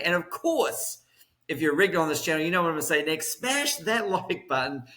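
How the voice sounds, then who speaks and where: A man's voice: mid-range voice, bright, forceful tone. A man hosting a crypto trading show, talking in a chatty, upbeat way with strong rhythmic emphasis. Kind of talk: casual market commentary.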